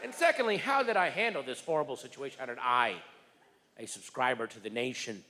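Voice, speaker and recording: Exasperated comedian in a big theater. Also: male voice, medium pitch, lively intonation. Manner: rapid, exasperated storytelling with bursts of shouting. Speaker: stand-up comedian. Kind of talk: stand-up comedy routine. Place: large theater stage. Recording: reverberant theater with faint room noise.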